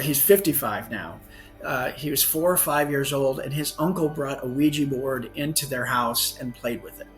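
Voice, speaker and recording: A man appearing as a guest author on a podcast earnestly tells a story, often correcting himself mid-sentence. His voice is fairly high-pitched with a fairly bright tone.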